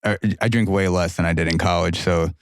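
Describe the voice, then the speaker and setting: A man's voice: deep voice, steady tone, a little fast, clean tone, no echo, studio quality. A man chatting casually on a podcast in a conversational, slightly anxious way.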